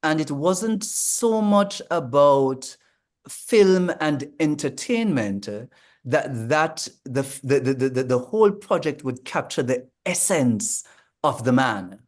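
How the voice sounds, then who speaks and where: A man's voice: a little high, expressive. Man explaining with many ums. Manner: measured, many ums and restarts. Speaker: language coach. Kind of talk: panel discussion, explaining.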